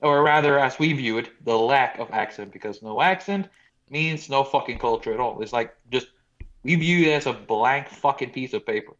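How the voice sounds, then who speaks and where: A man's voice: medium pitch, normal speed, a bit bright, highs cut off. A man from Norway with a Norwegian accent, chatting casually on a podcast, blunt and swearing freely. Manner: profane, blunt, joking. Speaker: podcast co-host. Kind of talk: casual chat.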